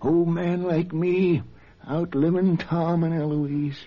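A man's voice: fairly high pitch, little pitch movement, slow. A nervous, stammering older man. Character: older man hiding under a false name. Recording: dull lo-fi audio.

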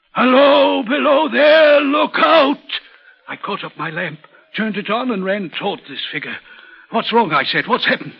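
A man's voice: on the high side, creaky, husky, heavily acted. An actor playing a nervous, haunted male railway signalman, telling his story in an earnest, urgent way, in an old-time radio drama. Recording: muffled old radio recording.

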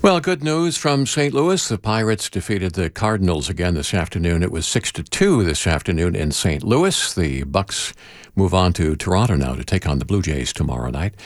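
Radio host guy, low voice that moves around a lot, dry studio. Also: sing-song, moderate pace, dry recording, soft background music. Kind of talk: radio news and sports briefs.

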